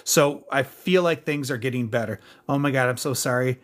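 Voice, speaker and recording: Reading viewer names and comments aloud, this casual livestream host sounds upbeat and thankful. He speaks in a mid-range voice at a moderate pace.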